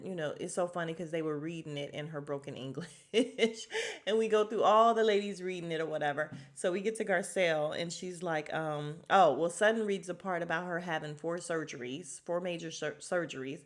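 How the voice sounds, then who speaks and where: A woman hosting a podcast, recapping a reality show in casual, blunt, profane chat and laughing often. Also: low voice. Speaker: podcast host.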